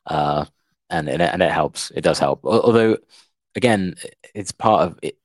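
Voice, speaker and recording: A man's voice: low voice, normal speed, dry recording. A man co-hosting a book-discussion podcast, thoughtful and a little hesitant. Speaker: podcast co-host, English teacher. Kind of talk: casual book-discussion chat.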